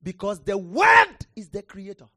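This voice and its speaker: A preacher giving a sermon, shouting key phrases, then dropping to near quiet and calling on listeners to respond. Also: mid-range voice, wildly swooping pitch, measured pace, no room sound. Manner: impassioned, shouting for emphasis with sudden drops to quiet; calls for audience response.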